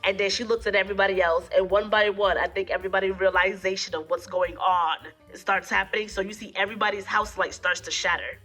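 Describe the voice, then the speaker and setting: A woman recapping a film in a casual review vlog, a little hoarse from a cold, animatedly acting out the lines as she goes. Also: fast, few pauses, faint music behind. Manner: animated retelling, acting out lines in jumps of pitch. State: hoarse, getting over a cold. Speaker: movie reviewer.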